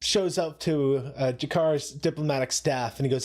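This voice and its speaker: A man's voice: medium pitch, normal speed, darkish tone. A man co-hosting a live watch-along, chatting casually, laughing often and making playful asides. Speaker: co-host of a show watch-along.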